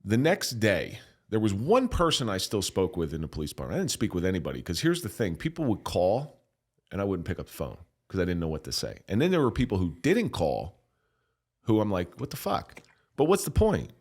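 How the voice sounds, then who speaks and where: A man's voice: low voice, wildly swooping pitch, darkish tone, husky. A middle-aged man telling his own story as a podcast guest, candid and emotional, stopping and restarting often and swearing bluntly. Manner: halting, emotional, frequent restarts.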